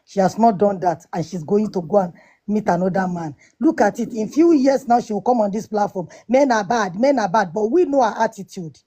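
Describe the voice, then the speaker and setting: A woman's voice: medium pitch, brisk, dark tone, breathy edge. A woman on a live audio panel debate, lecturing emphatically and repeating her points. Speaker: panel speaker.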